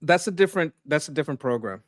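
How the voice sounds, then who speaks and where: A man's voice: fairly high pitch, expressive, fast, dry recording, clean studio sound. A man co-hosting a political livestream, explaining his views bluntly in casual chat, often stumbling and restarting. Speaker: co-host.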